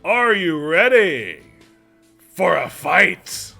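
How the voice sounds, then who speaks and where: A man voicing a showy male arena announcer who stretches and shouts his words. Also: high voice, big pitch swings, creaky, faint music behind, voice pushed up, exaggerated voice. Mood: hyping crowd. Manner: drawn-out shouting showman.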